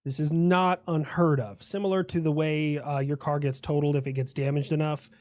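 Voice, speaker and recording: A man's voice: fairly high pitch, steady tone, fairly quick, a little mellow, no room sound, clean studio sound, lightly acted. A man voicing a boastful personified America. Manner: boastful, explains at length. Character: proud personified United States, male, lecturing. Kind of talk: comedic animated skit dialogue.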